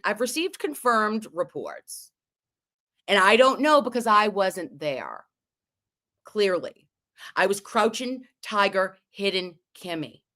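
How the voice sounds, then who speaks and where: A woman hosting a livestream, telling stories in a casual, profane, animated way with quick asides. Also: mid-range voice. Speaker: livestream host. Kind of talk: casual storytelling chat.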